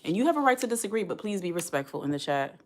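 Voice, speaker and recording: A woman's voice: on the low side, very animated, racing, slight background noise. A woman around forty hosting a casual live stream, chatting and reading viewer comments aloud. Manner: chatty, addresses the chat directly, reads comments aloud.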